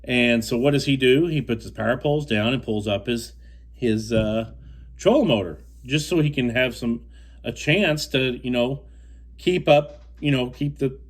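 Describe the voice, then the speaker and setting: A young American man, a fishing co-angler, tells a fishing story casually and at a moderate pace, rambling, restarting, and repeating himself often. His voice sits at an ordinary mid pitch, animated, with a tone that stays firm and indignant.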